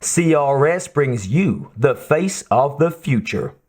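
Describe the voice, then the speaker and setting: A man's voice: fairly high pitch, animated, takes it slowly, a little mellow. A man reading as an earnest male soldier in a promotional video, with a put-on Texan drawl.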